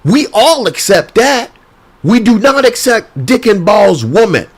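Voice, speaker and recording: Male streamer, crude rambling rant, fairly high voice that swings widely. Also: sing-song, measured pace, breathy edge. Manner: crude, rambling, laughs often. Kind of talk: casual livestream rant.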